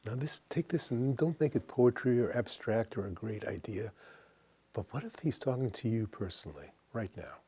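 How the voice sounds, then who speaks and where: A man giving a reflective spiritual talk, reciting verse slowly and dropping to a hushed whisper at times. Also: medium pitch, expressive, slightly rough. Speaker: spiritual teacher.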